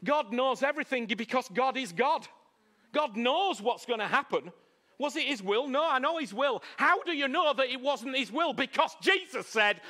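Bright, high-voiced emphatic male preacher. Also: expressive, normal speed. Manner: emphatic, repeats phrases, asks the crowd "Huh?"; swings from loud and high to low and hushed. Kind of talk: sermon.

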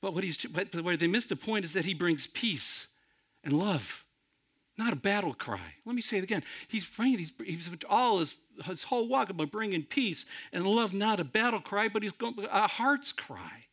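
Animated male preacher, dramatic swings. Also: high-pitched, moderate pace. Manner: dramatic, swings from loud to hushed; addresses listeners directly as friends. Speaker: pastor. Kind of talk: sermon.

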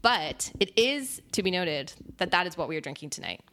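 A woman hosting a podcast, chatting casually about music with a co-host, laughing often and tossing in quick asides. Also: fairly low pitch, big pitch swings, a bit bright. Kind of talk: casual chat.

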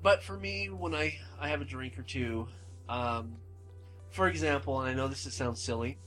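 A man talks in a relaxed, casual way and often pauses on "uh" and "um." His tone is bright and sharp at a middling pitch. Music plays faintly behind him. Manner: relaxed, with hesitant "uh" and "um" fillers. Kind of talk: casual chat.

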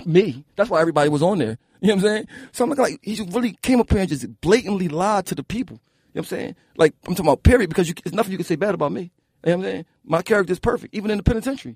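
Philly rapper dude, husky voice, high and all over the place, cussing and storytelling. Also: male voice, racing, no room sound, studio quality. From Philadelphia. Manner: animated, profane, keeps asking "you know what I'm saying". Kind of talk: casual interview storytelling.

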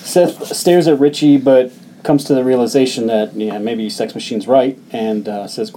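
A man co-hosting a podcast, casually retelling a film's plot, swearing freely and acting out its lines in a lower voice. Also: fairly even intonation, moderate pace, warm tone, slight background noise, low-quality recording. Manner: swears freely, acts out movie lines in a low voice. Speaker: podcast co-host.

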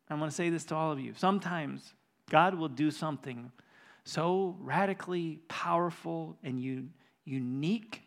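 Pastor telling a story from the pulpit, man with a slightly high voice, dropping to near-whispers and climbing to urgency. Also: vocal fry. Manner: retells a conversation, voice dropping to a hush then rising intense. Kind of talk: sermon storytelling. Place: church.

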